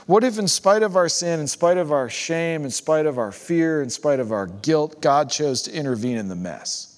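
A male pastor preaching a sermon, stacking rhetorical questions and dropping to a hush on key phrases. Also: a little high, lively intonation, normal speed. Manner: rhetorical, builds with repeated questions. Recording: long church hall reverb.

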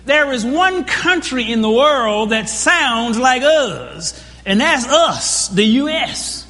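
A man's voice: extremely high pitch, sing-song, slow pace, pushed and bright. A man preaching a sermon, emphatic and full of rhetorical questions to the congregation. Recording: reverberant hall sound.

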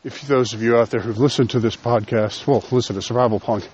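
A man's voice: mid-range voice, fairly even intonation, quick pace, darkish tone, husky, dull audio. A man hosting a casual solo podcast, chatty and self-deprecating, a little out of breath as he walks outdoors. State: slightly out of breath from walking. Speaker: podcast host. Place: outdoors while walking.

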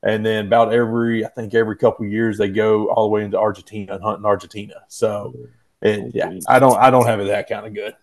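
A man's voice: lowish voice, little pitch movement, fast talker. A man, a guest on a podcast, telling folksy hunting stories in an easygoing way. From Arkansas, US. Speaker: guest, rack company owner. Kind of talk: casual podcast chat.

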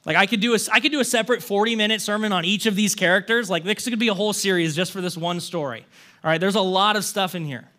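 A man's voice: sits high, quick pace, sharp tone. A young male pastor preaching a sermon, reading a scripture story aloud and then talking to the congregation in an earnest, conversational way. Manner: conversational, earnest, with restarts and "right?" asides.

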